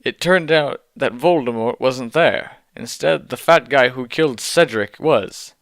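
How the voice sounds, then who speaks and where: A man giving a comic dramatic reading of a fan fiction, with a mocking deadpan delivery and incredulous asides. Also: medium pitch, a little slow, hardly any pauses, dry recording, clean studio sound.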